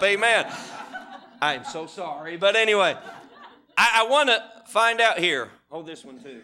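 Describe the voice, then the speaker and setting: A man preaches in a church with a very bright, slightly high voice. He tells his stories in a folksy way and builds to fervent, repeated appeals. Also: expressive, normal speed. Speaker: guest preacher. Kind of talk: sermon. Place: church sanctuary.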